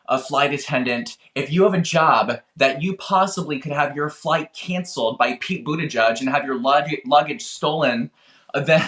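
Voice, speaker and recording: A man's voice: medium pitch, sharp tone, reverberant. A man answering as a guest on a political show, talking in an earnest, urgent and pleading way. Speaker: guest, voter registration organizer. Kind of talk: interview answers.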